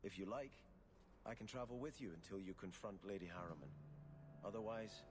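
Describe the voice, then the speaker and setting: Man doing a formal game nobleman, very deep voice, courteous, earnest, noisy game audio. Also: brisk, close to an everyday voice. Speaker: noble warrior-priest in a fantasy game. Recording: game audio with clear background noise.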